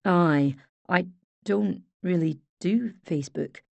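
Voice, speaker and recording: Woman reading young Scottish man, hesitant, quiet, mild, low pitch. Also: slow pace, gravelly, no echo, full character voice. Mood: awkward. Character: shy easygoing young Scottish man doctor.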